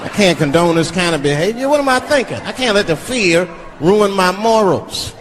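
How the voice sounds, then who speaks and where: A male stand-up comedian telling a profane story, animated, acting out voices of the people in it. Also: high-pitched, normal speed. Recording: live show with audience laughter and noise.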